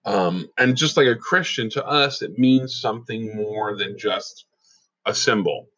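A man's voice: on the low side, unhurried, low-quality recording. A man co-hosting a casual talk about his faith, telling anecdotes and acting out the people he quotes. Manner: storytelling, quotes others in lively voices. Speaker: podcast co-host.

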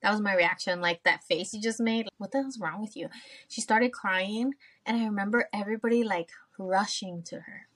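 A woman hosts a podcast in relaxed, casual chat, at a middle pitch that is neither high nor low. She speaks candidly and swears freely, and she often slips into her own past remarks as she tells a story. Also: normal speed. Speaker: podcast host.

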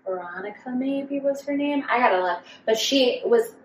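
A young woman co-hosting a podcast in casual chat, talking fast with lots of "like" fillers and mimicking voices in her stories. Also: high-pitched, recorded from a distance. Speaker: podcast co-host. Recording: echoey room, a bit off-mic, faint background noise.

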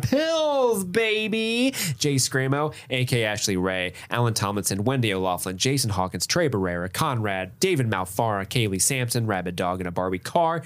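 A man chats loosely about a film on a podcast, mid-pitched and relaxed. He laughs easily and swears without a second thought. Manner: laid-back, laughs often, swears casually. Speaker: podcast co-host. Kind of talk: casual movie-review chat.

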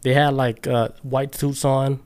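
A man's voice: mid-range voice, level tone, a little slow, a little mellow, clear, resonant tone. Podcast guy telling a story, mid voice, laid back, swears a lot. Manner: loose, swears, laughs often. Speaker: podcast co-host. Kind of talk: casual chat, storytelling.

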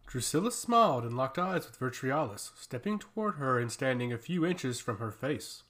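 A man narrating a fantasy story with a steady, dramatic reading. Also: medium pitch, moderate pace, hardly any pauses.

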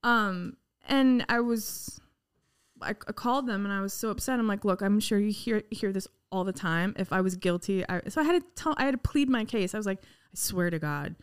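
A woman telling a story in casual chat, animated, laughing often and swearing. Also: medium pitch, a little fast, clean tone. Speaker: podcast guest. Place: Los Angeles resident.

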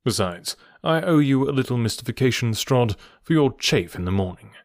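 A man voicing a composed, clever Victorian detective with a measured, dryly amused delivery in an audiobook. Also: mid-range voice, expressive, no echo, clean studio sound, natural voice.

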